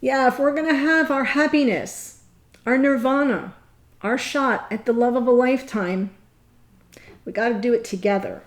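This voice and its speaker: A woman with a voice a little on the high side, giving a tarot reading in a monologue. She talks straight to her viewers, earnest and thinking aloud, with pauses between short phrases. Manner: addresses viewers directly. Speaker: tarot reader.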